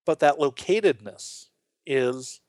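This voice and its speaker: A man hosting a casual Bible study talk, animated and full of restarts, playfully acting out voices as he tells stories. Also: on the high side, takes it slowly, no echo. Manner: animated, acts out quoted voices, frequent restarts. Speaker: podcast host teaching the Bible.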